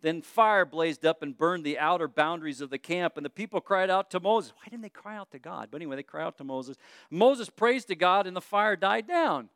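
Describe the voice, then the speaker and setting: Rich: A male preacher with a high, smooth and resonant voice delivers a lively, conversational sermon. He often turns to his listeners with questions. The sound is dry and close. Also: moderate pace, dry recording. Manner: expressive, conversational, asks the audience questions.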